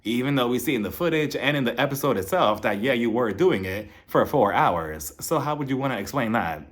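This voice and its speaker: An animated, brisk male reviewer runs through a reality show in casual, sarcastic commentary. Gossipy in tone, he acts out people's lines in a high voice.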